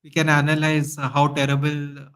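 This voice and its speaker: A young man, co-hosting a casual football chat, animated and joking, often mimicking players. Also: a little high, moderate pace, smooth.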